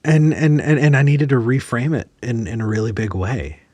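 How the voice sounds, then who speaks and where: A man's voice: mid-range voice, normal speed, a little mellow, no echo. A man hosting a podcast, talking reflectively and searching for words with frequent restarts. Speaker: podcast host. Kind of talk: casual conversation.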